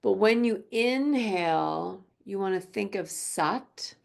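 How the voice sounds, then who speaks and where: A woman teaching a gentle yoga class, speaking softly and slowly. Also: mid-range voice, animated, creaky. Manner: slow, soft-spoken, drifts into quiet chanting.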